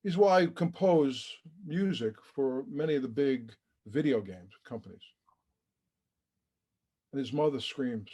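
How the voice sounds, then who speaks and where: A man's voice: medium pitch, a little slow, warm tone, husky. A man who is a guest on a podcast, telling a story with feeling and acting out the quoted dialogue. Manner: emotional, earnest. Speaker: interview guest, charity founder.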